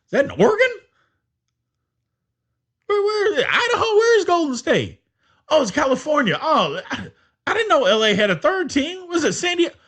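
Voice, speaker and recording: A man's voice: extremely high pitch, sing-song, moderate pace, long pauses, a bit bright, pitched above the performer's own voice, full character voice. A man voicing a clueless, eager bandwagon sports fan, mockingly asking where the team is from. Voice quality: mocking, incredulous questions.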